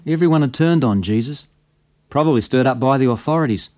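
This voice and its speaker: A man's voice: mid-range voice, fairly quick, darkish tone. A man with an Australian accent, telling a story in a folksy, conversational bush-yarn manner as scripted radio narration.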